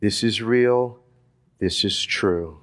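A man's voice: on the low side, slow pace. A man preaching in a casual, conversational way, talking through a Bible passage with lots of asides. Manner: animated, conversational, lots of "like" and "right?". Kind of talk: casual sermon.

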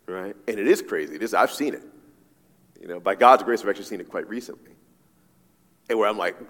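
A man's voice: fairly low pitch, expressive, brisk, fairly bright tone. A man preaching a sermon as a pastor, talking conversationally with frequent asides and repeated "right?" checks to his listeners. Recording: long reverb of a large hall.

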